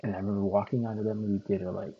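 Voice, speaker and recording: Husky low-voiced man from Connecticut, rambling. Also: level tone, racing, highs cut off. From Connecticut, USA. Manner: loose, profane, repetitive storytelling with many fillers. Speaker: streamer host. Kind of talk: casual rambling monologue.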